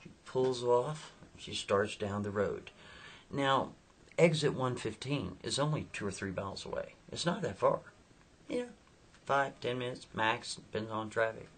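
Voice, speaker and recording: A man spins a story in a loose, chatty way, animated and clearly enjoying himself. His voice sits at an average pitch with a husky, slightly rough grain. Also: measured pace. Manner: animated, chatty, laughs at own tale. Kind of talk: casual spoken storytelling.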